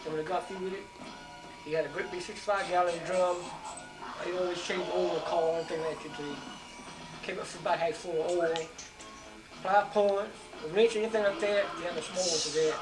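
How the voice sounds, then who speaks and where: An older man, telling rambling stories quickly at a family gathering. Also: sits high, steady tone, over music. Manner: rambling storytelling, quick talker. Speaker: family elder. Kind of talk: casual family chat. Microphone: camcorder microphone from across the room. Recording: roomy, distant home camcorder audio with crowd noise.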